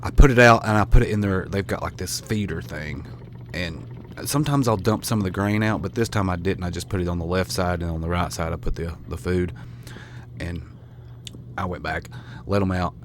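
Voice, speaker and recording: A man's voice: deep voice, brisk, a little hiss or hum. A man from the American South with a Southern accent, chatting casually to camera in a rambling, self-deprecating way with many restarts. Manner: colloquial with mild swearing. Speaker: vlogger.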